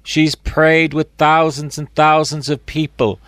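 An older priest delivers a Bible teaching in an unhurried, folksy way. He leans on repetition for emphasis. His voice sits a touch high for a man, and the recording is dry and close. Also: little pitch movement, fairly bright tone, no echo. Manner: folksy and emphatic, repeating phrases.

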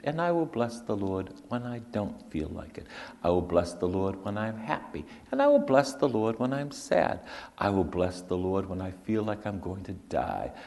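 A man preaching a sermon, slow and repetitive, who drops to hushed whispers for emphasis. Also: on the low side, gravelly, long reverb tail.

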